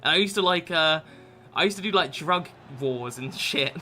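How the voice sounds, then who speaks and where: A man's voice: fairly high pitch, normal speed, pushed and bright, faint music behind. A British man in his twenties chatting casually and swearing freely while streaming a game late at night. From Britain. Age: 20s. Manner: rambling, swears a lot, laid-back chatter. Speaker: gaming streamer. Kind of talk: casual live-stream chat with game commentary.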